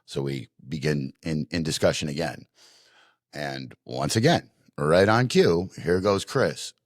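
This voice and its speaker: Man, deep, animated storyteller, dry studio sound. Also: measured pace, no echo. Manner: animated storyteller, acts out voices, many restarts. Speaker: podcast co-host. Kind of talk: casual storytelling.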